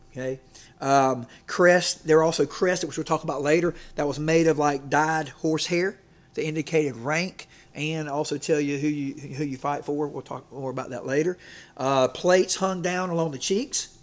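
Folksy man preaching a casual sermon. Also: fairly high pitch. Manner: folksy, rambling, checks in with listeners. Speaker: preacher and coach.

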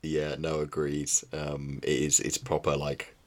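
A man's voice: very deep voice, completely flat delivery, unhurried. A man co-hosting a podcast, laid-back and hesitant, with many ums. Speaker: podcast co-host. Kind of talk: casual chat.

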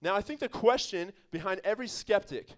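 At an evening service, a pastor with a strikingly high voice preaches a sermon. He is emphatic and conversational, pairing earnest points with laughing asides to those in front of him, and his delivery is animated and a little fast.

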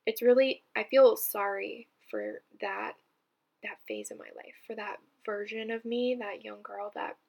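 Chatty young woman with vocal fry. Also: mid-range voice. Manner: chatty, gushing, many fillers and restarts. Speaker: podcast host. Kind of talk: casual solo podcast chat.

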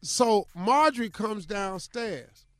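An older male radio host in his sixties, telling a comic family story with animated delivery. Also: sits high, slow pace, no echo. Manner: animated, shouts in acted quotes.

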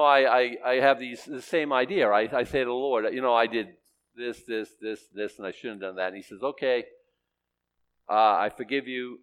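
Middle-aged male pastor, chatty sermon delivery, joking at his own expense, halting restarts. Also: medium pitch, a bit bright. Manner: conversational, self-deprecating, halting with repeated restarts.

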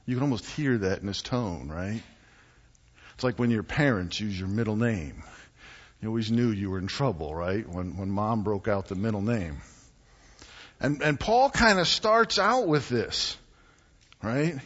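Guy preaching in a church, lively storytelling, long hall reverb, bit muffled. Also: fairly low pitch, unhurried, long pauses, husky. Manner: animated storytelling with acted-out quotes. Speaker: pastor. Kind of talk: sermon.

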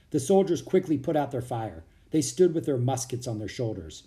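Animated, mellow children's book reader. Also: mid-range voice, brisk, few pauses. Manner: expressive, animated reading. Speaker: audiobook reader. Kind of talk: children's storybook narration.

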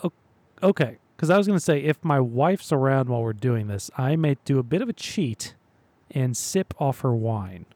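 Easygoing man, mid-pitched and dry. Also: expressive, normal speed, mellow, no echo. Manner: easygoing, teasing, laughs often. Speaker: podcast co-host. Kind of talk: casual chat.

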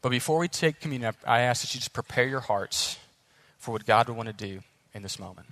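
A young man preaching a sermon as pastor, earnest and animated, speeding up as the story builds. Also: mid-range voice, fast talker.

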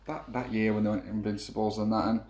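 A man's voice: on the low side, little pitch movement, fast talker, a little mellow. A man co-hosting a podcast, chatting casually in an easygoing, rambling way with frequent restarts. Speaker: podcast co-host. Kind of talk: casual chat. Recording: roomy echo.

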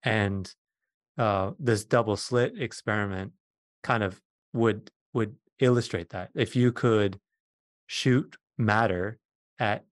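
Low-voiced man explaining physics. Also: dry recording, studio quality. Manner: patient, plain-spoken explainer. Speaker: physicist guest. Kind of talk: explaining science in conversation.

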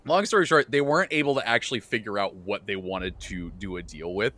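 A man hosting a podcast, recounting his tabletop game session as game master in a loose, animated way, with many restarts and bursts of laughter. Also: fairly low pitch, a little fast. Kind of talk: casual recap of a tabletop game.

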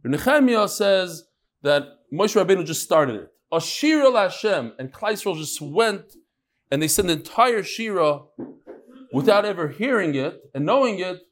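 Middle-aged guy teaching talmud, animated storyteller, voice on the higher side. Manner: lively, storytelling, quick asides. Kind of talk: daily Talmud class. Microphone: on Zoom.

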